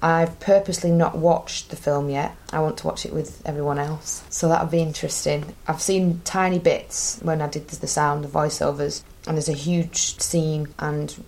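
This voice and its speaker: A young woman from northern England with a Bury accent, chatting as an interview guest, animated, with quick restarts. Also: deep voice. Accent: northern English, Bury. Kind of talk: casual interview chat.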